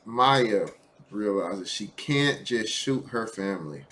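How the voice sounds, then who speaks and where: A man's voice: fairly low pitch, expressive, slow pace, a bit bright, slight background noise. A man hosting a reaction video, talking casually and incredulously in colloquial speech.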